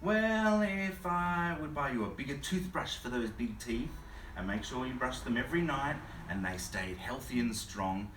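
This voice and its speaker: Guy doing a soft loving mum voice, gentle, echoey room. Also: mid-range voice, expressive, normal speed, voice pushed up, natural voice. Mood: tender. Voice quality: soft tender lilt. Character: gentle doting mother, soothing. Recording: roomy distant mic, faint hum.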